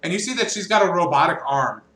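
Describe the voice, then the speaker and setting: A man narrating a tabletop game as game master, his voice bright and a bit high. He tells the scene in a lively way, laughing along and raising his voice when things go wrong. The room is echoey, with faint noise underneath. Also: fast talker. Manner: lively, laughing storyteller who shouts in big moments.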